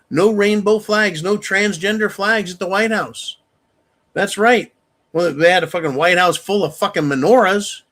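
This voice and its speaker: A man hosting a live-stream rant, angry and profane, with sudden loud outbursts. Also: sits high. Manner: angry, profane, shouting bursts. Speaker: channel host.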